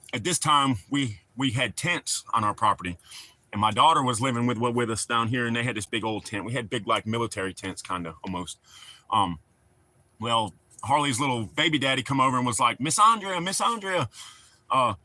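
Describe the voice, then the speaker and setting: A man's voice: mid-range voice, pushed and bright. A middle-aged man, chatting casually and rambling to his livestream viewers. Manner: rambling, folksy, talks to the chat. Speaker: livestream host.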